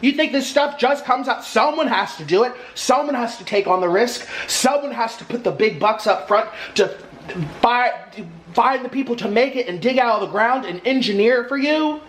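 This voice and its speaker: A man's voice: very high-pitched, animated, normal speed, fairly bright tone, rough recording. A man ranting in a casual vlog at home, indignant and exasperated, with a sarcastic edge. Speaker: vlogger. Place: at home in his apartment.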